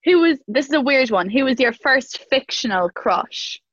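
A woman's voice: high-pitched, animated, normal speed, a bit bright, no echo, dull audio. A young woman, chatting casually and laughing easily, with many "like" fillers as she co-hosts. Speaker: co-host. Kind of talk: casual chat.

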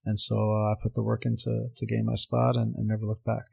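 Gravelly husky man telling stories. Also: lowish voice, quick pace. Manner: animated anecdotes, frequent fillers and repeats. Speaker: former pro footballer, guest. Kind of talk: casual interview storytelling.

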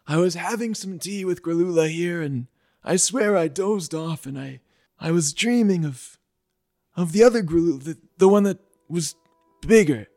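A man voicing a kindly old stepfather in a tabletop game, his voice pushed high and quavering. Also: moderate pace, darkish tone, natural voice. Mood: fond.

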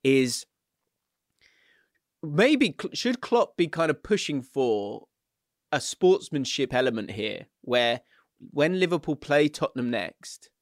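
A man's voice: medium pitch, big pitch swings, slow, pauses often, no room sound, clean studio sound. A man co-hosting a football podcast, talking in a rambling, hedging way and teasing his co-host. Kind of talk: casual chat.

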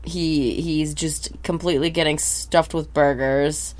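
A woman's voice: low voice, steady tone, a little slow, a little mellow. A woman co-hosting a podcast, animatedly retelling a cartoon episode and acting out the characters' lines. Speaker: podcast co-host. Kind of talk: casual recap chat.

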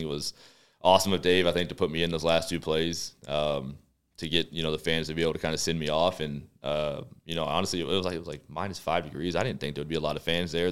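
A man from Texas in his thirties, a football quarterback talking as a guest in a radio studio, relaxed and rambling with lots of fillers. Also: very deep voice, clean tone. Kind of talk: casual radio interview chat.

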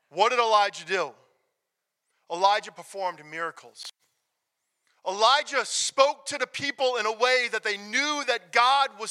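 A man preaching a sermon, emphatic, swinging from loud declarations to hushed near-whispers. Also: sits high. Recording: long reverb of a large hall.

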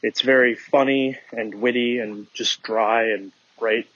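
A man's voice: medium pitch, steady tone, unhurried, fairly bright tone, dry recording, muffled recording. A man from Minnesota leaving a friendly, wry voice memo for a podcast, recorded outdoors on a phone. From Minnesota, USA. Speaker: listener sending a voice memo. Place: outdoors with dogs.

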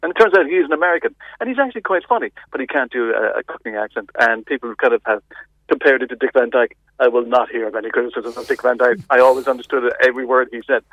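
A man giving a chatty, animated film review on the radio, with many restarts, over a phone line. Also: mid-range voice, fast talker, no room sound.

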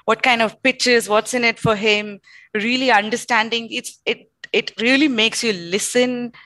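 A middle-aged woman speaks as a podcast guest with a bright, forward tone. She works through her points one by one, pausing on fillers as she thinks. The recording is close and dry, with no room sound. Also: a little high, steady tone, dry recording. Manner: thoughtful, listing points with frequent fillers. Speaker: podcast guest, company founder. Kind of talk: conversational interview answers.

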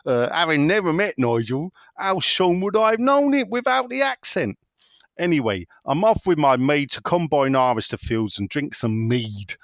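A man's voice: fairly high pitch, big pitch swings, normal speed, no echo. A man hosting a casual podcast, reading listener messages in a rambling, jokey way. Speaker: podcast host.

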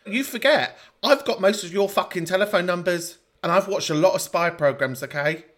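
A man's voice: high-pitched, brisk. A man hosting a podcast in a chatty, sweary way, with playful mock outrage. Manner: chatty and animated. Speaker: podcast host. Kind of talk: casual monologue, reading listener messages.

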